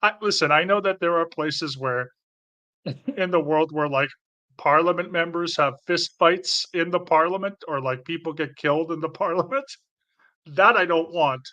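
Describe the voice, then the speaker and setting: A man's voice: on the high side, normal speed, pushed and bright, highs cut off. A man hosting a casual commentary, rambling, laughing and restarting phrases as he talks. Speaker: host.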